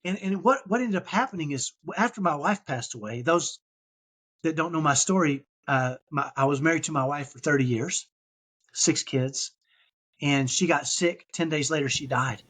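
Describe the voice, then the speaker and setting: Man, fifties, husky, slightly high voice, earnest storyteller, keeps asking "right?". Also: normal speed, a bit bright. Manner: earnest, tags points with "right?". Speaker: podcast guest.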